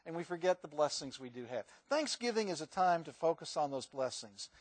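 High-voiced male pastor preaching. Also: big pitch swings, a little fast, no echo. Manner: conversational, asks the congregation questions. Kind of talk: sermon.

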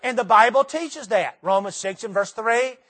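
A man with a Southern accent preaching a sermon in a church, earnest and repetitive, stressing key phrases slowly. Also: high-pitched, fairly bright tone. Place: church sanctuary.

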